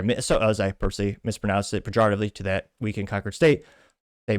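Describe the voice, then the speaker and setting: A man's voice: mid-range voice, dry recording, clean studio sound. A male show host reading social media posts aloud and commenting on them in a wry, mocking tone.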